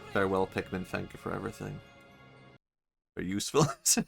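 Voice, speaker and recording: A young man riffs playfully while he plays, rambling from thought to thought and breaking into laughter. His voice is fairly low with a gravelly, fry-heavy texture. Faint music runs underneath. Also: level tone, a little fast. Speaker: streamer. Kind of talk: casual gameplay commentary.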